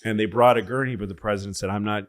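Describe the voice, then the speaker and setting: A podcast co-host talks very fast in a lowish voice, telling stories in a loose, casual chat. An animated storyteller, he swears freely and acts out the voices of the people in his stories.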